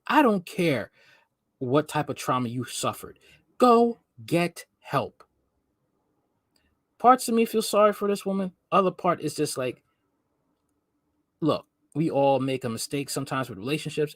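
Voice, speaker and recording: A man's voice: mid-range voice, no room sound. Male host, reaction commentary, emphatic and preachy, dry close sound. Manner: emphatic, lecturing, repeats points.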